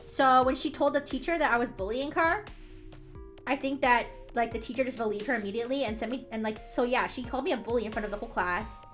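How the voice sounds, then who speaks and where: A woman's voice: on the high side, quick pace, fairly bright tone, faint music behind. A woman streamer telling a story in casual chat, rambling, restarting often and swearing freely.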